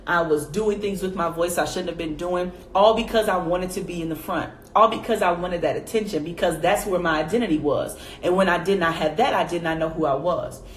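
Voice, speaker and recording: A woman in her twenties telling a personal faith story straight to her viewers, calling them y'all and acting out her own past reactions in a high voice. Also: fairly quick, few pauses. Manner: addresses viewers directly as y'all. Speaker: faith vlogger. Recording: echoey room with faint background noise.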